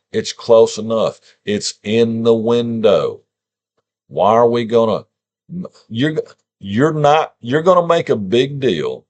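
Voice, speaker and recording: A man teaching a scripture lesson in an informal way, sounding out words and asking rhetorical questions. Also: fairly low pitch.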